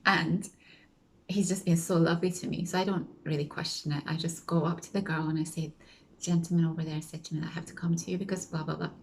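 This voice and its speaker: A woman vlogger tells a story casually and chattily, acting out the voices of people she quotes and dropping to a whisper now and then. Her voice is deep with fairly even intonation and a quick pace, and the rough recording carries a little hiss or hum.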